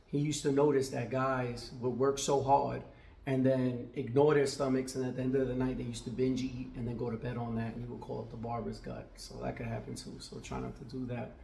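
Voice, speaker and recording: Casual barber vlogger, gravelly voice, chatty and conversational, talking to camera in his shop. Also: medium pitch, flat delivery, fairly quick, warm tone, slight background noise. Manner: conversational, with frequent "right?" tags. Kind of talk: casual vlog talk.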